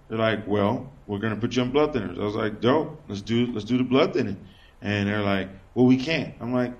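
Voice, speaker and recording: A young man doing a stand-up comedy set, telling stories loosely and profanely, acting out quick back-and-forth exchanges. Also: on the low side. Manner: loose, conversational, profane storytelling with quoted exchanges. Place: small comedy venue with live audience.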